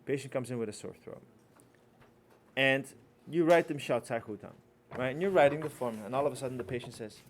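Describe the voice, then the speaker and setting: A man's voice: medium pitch, fairly quick, slight background noise. A man giving a teaching lecture, telling a casual anecdote and acting out both doctor and patient.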